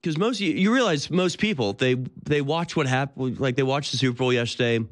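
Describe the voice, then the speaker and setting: A man's voice: mid-range voice, animated, a little fast. A man in his thirties hosting a talk show, delivering a sardonic, incredulous monologue with frequent laughs. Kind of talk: casual monologue.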